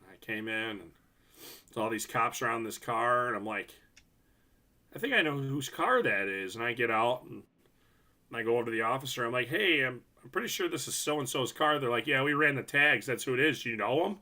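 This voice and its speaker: A man, a hockey referee co-hosting a casual podcast, telling animated stories and acting out quotes. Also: mid-range voice, fairly quick. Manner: animated storyteller, acts out quotes. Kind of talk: casual chat.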